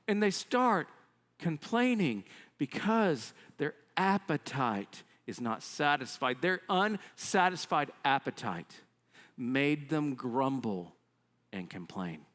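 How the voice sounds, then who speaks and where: A male pastor delivers a sermon in an unhurried, deliberate way, his voice rising and falling widely as he retells a story. He talks conversationally, sprinkling in asides and acting out the complaints of the people in the story. The sound rings with the long reverb of a church sanctuary. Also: fairly high pitch. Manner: animated storytelling, acts out quoted complaints; conversational, frequent "I mean" asides.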